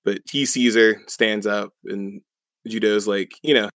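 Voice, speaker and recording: Rambling young man with a low voice. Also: steady tone, measured pace, a bit bright, dry recording. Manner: rambling, filler-heavy, chuckling. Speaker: podcast co-host. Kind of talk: casual story recap.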